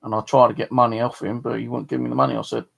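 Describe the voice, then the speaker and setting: Racing along in a level, fairly bright mid-range voice with vocal fry, a middle-aged southeast English man tells stories to camera for his channel. He rambles casually and swears freely.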